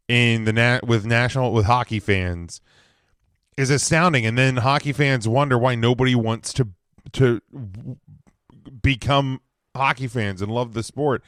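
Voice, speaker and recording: A man's voice: mid-range voice, a little slow, fairly bright tone, no echo, studio quality. A man hosting a casual solo sports podcast, rambling with lots of fillers and growing emphatic, his throat slightly scratchy. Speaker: podcast host.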